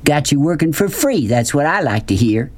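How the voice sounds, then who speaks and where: A man reading an audiobook, voicing a big, pushy, loud-talking man who hollers and hoots in a folksy drawl. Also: a little high, big pitch swings, normal speed, voice pushed up. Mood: hooting.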